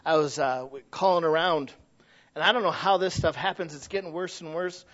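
A man with a high-pitched voice preaches a sermon with passion, and his stories sometimes build to shouts. The recording sounds dull and lo-fi. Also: a little fast. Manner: impassioned, rising to shouted emphasis; storytelling asides.

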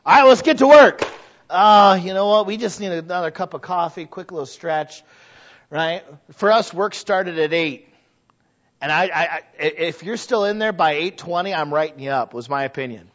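High-voiced man preaching a folksy sermon. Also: moderate pace. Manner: conversational preaching, builds to loud exhortation. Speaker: pastor. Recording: dull lo-fi recording.

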